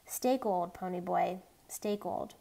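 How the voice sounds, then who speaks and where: A woman reading a gentle dying teenage boy aloud, soft and weak. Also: on the low side, slow pace, creaky, full character voice. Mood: tender.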